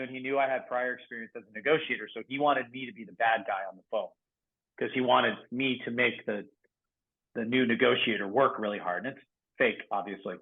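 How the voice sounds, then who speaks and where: A man, a former SWAT negotiator, telling stories on a podcast in a lively, laughing way. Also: mid-range voice. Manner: animated storyteller, laughs often, acts out quotes loudly. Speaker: guest, former SWAT negotiator and security professional. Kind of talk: casual podcast storytelling. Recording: phone-like narrow band audio.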